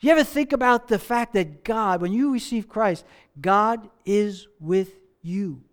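Male pastor, high voice, smooth and clear, conversational sermon full of rhetorical questions and repeated phrases. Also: unhurried.

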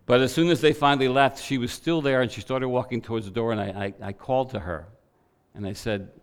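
A man preaches to a church congregation and builds his message from a personal story. He tells it in an animated way and acts out the voices of the people he met. His voice sits in an average range for a man. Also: mid-range voice, brisk, clean tone.

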